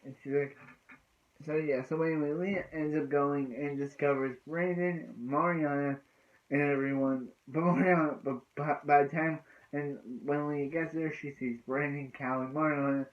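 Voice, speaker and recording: A man's voice: a little high, steady tone, normal speed. A man casually recapping a TV episode in a rambling way, restarting often and filling gaps with "so yeah" and "so anyway.". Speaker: TV episode reviewer. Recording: tinny phone-like lo-fi sound.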